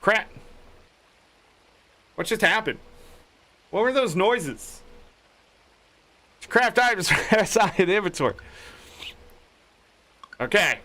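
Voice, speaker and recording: A man's voice: sits high, sing-song, slow, pauses often, sharp tone. A man giving casual, wry commentary while playing a farm video game, with sarcastic asides. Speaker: gaming streamer.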